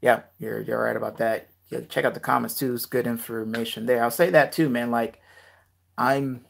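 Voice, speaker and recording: A man's voice: mid-range voice, fairly even intonation, normal speed, creaky. A man hosting a casual live Q&A, giving rap tips and reading viewer comments aloud with lots of fillers.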